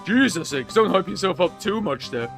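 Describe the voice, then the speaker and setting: A man voicing a loud, boisterous young man who teases his best friend in brash, shouty bursts. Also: high-pitched, animated, normal speed, gravelly, faint music behind, exaggerated voice. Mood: teasing.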